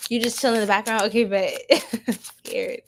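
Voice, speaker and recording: A woman's voice: medium pitch, fairly even intonation, normal speed, noisy background. A young woman doing a casual livestream tarot reading, giggling often and talking in loose slang to her viewers.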